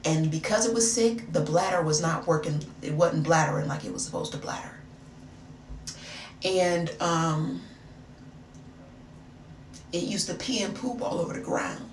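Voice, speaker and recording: A woman telling a personal story in a casual storytime style, animated and slangy, calling the listener "baby" and "girl". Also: lowish voice, a little slow, pauses often. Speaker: storyteller, video creator. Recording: roomy, distant mic, noisy background.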